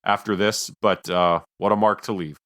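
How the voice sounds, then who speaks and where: A man's voice: fairly low pitch, steady tone, normal speed, fairly bright tone. A man co-hosting a film podcast, talking casually and rambling with self-mocking jokes. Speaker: podcast co-host. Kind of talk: casual film review chat.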